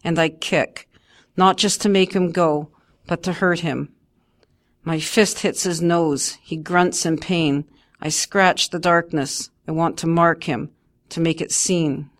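A woman narrating her memoir in first person, in a measured, steady way. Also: fairly low pitch.

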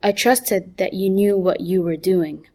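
A woman voicing a stern, steady-voiced mother. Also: mid-range voice, lightly acted. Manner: calm, steady, firm and measured. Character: stern, controlled middle-aged mother lecturing her son.

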